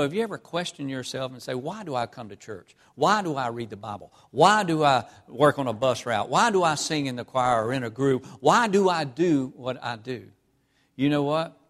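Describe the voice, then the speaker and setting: Fervent preacher man. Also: mid-range voice. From North Carolina. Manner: swings from hushed, tearful tones to loud, fervent emphasis; reads scripture in an old-fashioned cadence. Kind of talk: storytelling sermon.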